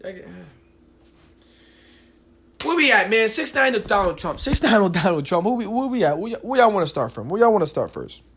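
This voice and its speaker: Late 20s guy ranting on his podcast, cursing a lot, fairly high voice, keeps restarting sentences. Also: brisk. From New Jersey. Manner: profane, rambling, animated, with frequent restarts. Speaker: podcast host. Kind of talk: casual solo podcast rant.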